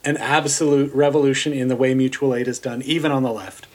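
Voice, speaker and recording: A man hosting a podcast, making his case earnestly while he thinks aloud. He pauses on fillers and restarts his sentences often. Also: mid-range voice, steady tone. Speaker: podcast host. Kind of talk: casual political discussion.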